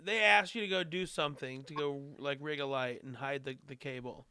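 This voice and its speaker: A man hosting a casual interview, reacting with quick exclamations and follow-up questions. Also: on the high side, fairly even intonation, bright, forceful tone, smooth. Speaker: podcast host.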